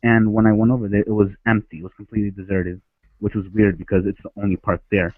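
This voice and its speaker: Calling in on a headset from Ecuador, a lowish-voiced man talks fast in a level tone. The line is dry and tinny, like a phone, and his childhood story wanders with frequent restarts.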